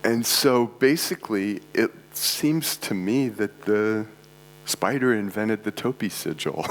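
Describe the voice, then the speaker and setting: This conference presenter sounds congested, with a lowish voice, lively intonation and a slow pace, heard on a low-quality recording with faint mains hum. Before a live audience in an art club event space, he rambles casually, wandering off topic with self-deprecating remarks.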